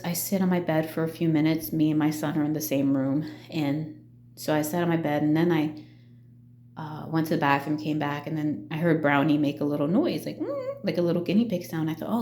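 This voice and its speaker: Middle-aged woman vlogger, hesitant and full of fillers; warm dark tone, roomy recording. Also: low voice, steady tone, slight background noise. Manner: halting, full of fillers and restarts. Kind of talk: casual personal vlog.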